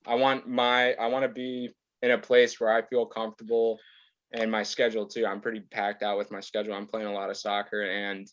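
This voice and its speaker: A man's voice: fairly low pitch, a bit bright, no echo, muffled recording. A man in his twenties, a podcast guest, chatting casually in a laid-back, rambling way and laughing often. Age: 20s. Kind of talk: casual chat.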